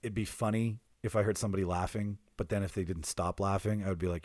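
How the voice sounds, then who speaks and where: A man's voice: low-pitched, fairly even intonation, fast talker, darkish tone, no echo, clean studio sound. A man hosting a podcast in casual chat, rambling and laughing often, swearing now and then. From Canada. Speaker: podcast host.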